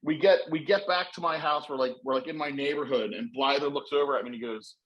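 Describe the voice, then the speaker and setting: Animated man telling a story. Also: on the high side, quick pace, hardly any pauses, poor audio. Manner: animated, acts out voices in stories. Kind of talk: casual storytelling.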